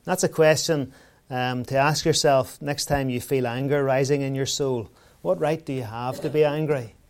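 A man with a medium-pitched voice preaches a sermon at normal speed with fairly even intonation. His style is conversational, built on rhetorical questions and everyday anecdotes.

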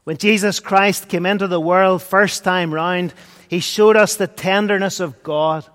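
A man preaching a sermon, earnest, swinging between loud and hushed. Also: high-pitched, steady tone, measured pace. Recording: long hall reverb.

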